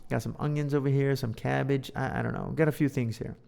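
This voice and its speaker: A man's voice: medium pitch, fairly even intonation, quick pace, vocal fry, a little mellow. A man teaching English by reading a storybook aloud and explaining words and sounds with playful, jokey asides. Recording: long hall reverb.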